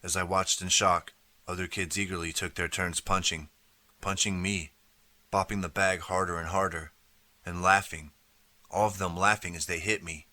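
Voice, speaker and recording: A man's voice: low voice, fairly even intonation, normal speed, sharp tone, no echo. A man reading a children's horror story aloud as an audiobook narrator, in dramatic first-person storytelling. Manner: dramatic storytelling, turns pleading for the boy's lines.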